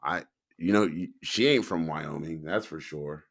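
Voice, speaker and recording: A man's voice: a bass voice, measured pace, fairly bright tone. A man co-hosting a casual talk show, telling stories in a laid-back, profane way. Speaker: podcast co-host. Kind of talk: casual chat.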